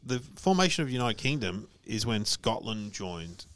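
A man's voice: lowish voice, sing-song, normal speed, a bit bright. A man in casual chat who repeats himself and trails off mid-sentence.

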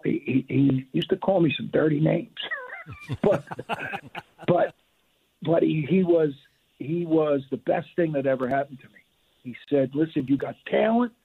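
Older male guest, retired ref, gravelly and husky, lively storyteller, phone-line sound. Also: a little high. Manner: animated, restarts and repeats words.

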